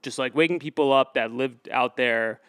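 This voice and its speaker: A man's voice: medium pitch, moderate pace, a bit bright, clear, resonant tone, no room sound. A man telling a story in an interview, rambling with lots of fillers and restarts, and getting heated and emphatic as he goes. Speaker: activist guest.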